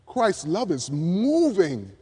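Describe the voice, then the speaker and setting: A male preacher delivering an emphatic sermon from the pulpit, swinging from loud appeals down to hushed words. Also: high voice, huge pitch swings, takes it slowly, husky. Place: church pulpit. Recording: long reverb of a large hall.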